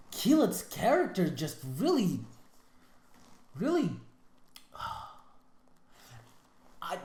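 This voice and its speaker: A woman hosting a reaction video, talking in casual, exasperated commentary with lots of restarts and slang. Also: lowish voice. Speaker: reaction channel host. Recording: roomy echo.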